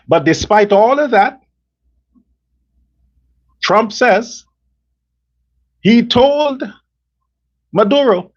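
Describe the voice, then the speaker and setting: A man's voice: very high-pitched, very slow, pauses often, muffled recording. A man hosting his own show, giving blunt, opinionated political commentary and acting out imagined phone calls between leaders. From Guyana. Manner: blunt, animated, plays out imagined dialogue. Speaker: show host.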